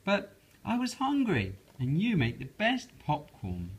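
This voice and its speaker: A man's voice: huge pitch swings, unhurried, husky, heavily acted. A dad doing a bouncy little boy frog. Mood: sheepish. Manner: eager, bouncy, high and loud. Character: excitable young boy frog. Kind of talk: storybook read-aloud.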